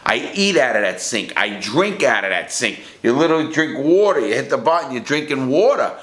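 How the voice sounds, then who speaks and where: A middle-aged man telling prison stories in a blunt, rough-edged way, swearing freely and circling back on himself mid-sentence. His voice sits at an ordinary pitch for a man. The sound carries a noticeable room echo. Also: big pitch swings, a little fast, a bit bright. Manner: blunt, profane, rambling with restarts. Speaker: ex-prisoner storyteller. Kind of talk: casual first-person storytelling. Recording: echoey room.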